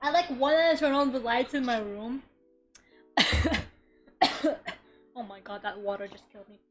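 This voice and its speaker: A woman's voice: fairly high pitch, animated, moderate pace, a bit bright, faint music behind. A woman streamer chatting casually and rambling from her room, now and then swearing and talking to her viewers. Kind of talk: casual live-stream chat. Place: her own room at home.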